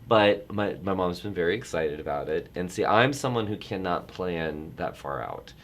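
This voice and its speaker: A middle-aged man with a low, deep voice talks casually about his travel work. He rambles, interrupts himself, and turns animated when he gets excited. A faint hum of noise sits behind him. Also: normal speed. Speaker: travel industry guest. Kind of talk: casual chat.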